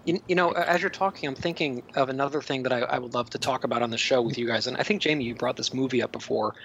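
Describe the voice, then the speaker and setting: A man's voice: mid-range voice, quick pace, creaky, a bit bright. A man co-hosting a podcast, talking through film ideas in a rambling, thoughtful way. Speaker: podcast co-host. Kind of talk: casual film discussion. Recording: dull lo-fi podcast audio with faint background noise.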